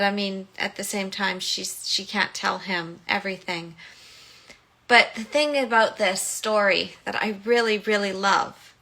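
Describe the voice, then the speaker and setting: A woman's voice: mid-range voice, bright, forceful tone. A woman hosting a solo podcast, casually retelling a film and acting out its quoted lines. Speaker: podcast host and motherhood coach.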